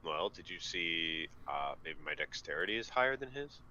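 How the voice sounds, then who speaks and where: A man playing in an online tabletop game, playful and excitable, laughing often. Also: low voice, normal speed, muffled recording, slight background noise. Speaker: player. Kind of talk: casual online game chat.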